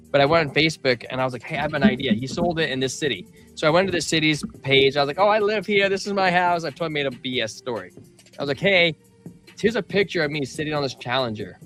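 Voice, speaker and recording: Co-host, male, young adult, animated rambling storyteller; bright voice, faint music underneath. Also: medium pitch. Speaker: podcast co-host. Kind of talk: casual livestream chat.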